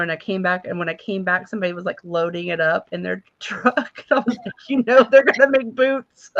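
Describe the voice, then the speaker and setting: Woman chatting on a stream, gravelly voice, dull lo-fi sound, kinda rambly. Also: on the low side, a bit bright. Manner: rambling, fills with "like". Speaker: fellow livestream host. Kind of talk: casual live-stream chat. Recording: muffled lo-fi mic.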